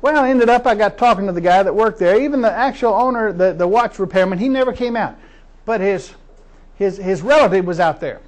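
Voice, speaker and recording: High-voiced man preaching a sermon. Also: a little fast. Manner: earnest, repeats words when excited. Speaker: pastor. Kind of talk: storytelling sermon.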